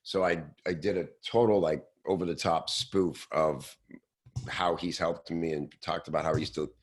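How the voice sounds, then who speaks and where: Casual rambling man, lowish voice. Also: fairly even intonation, breathy edge. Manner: loose, rambling, with frequent fillers and restarts; breaks into quick voices for mock quotes. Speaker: host. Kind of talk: casual podcast talk.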